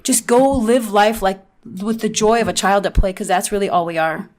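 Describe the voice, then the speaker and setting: A woman comedian from Palestine, a guest on a podcast, talking bluntly and with animated emphasis. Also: mid-range voice, normal speed. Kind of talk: candid podcast interview.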